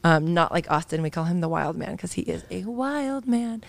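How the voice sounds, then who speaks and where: A woman's voice: lowish voice, expressive, moderate pace, creaky. A woman in her thirties, a psychologist guest on a podcast, talking earnestly and openly in a candid interview. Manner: earnest, open and reflective, with soft laughs.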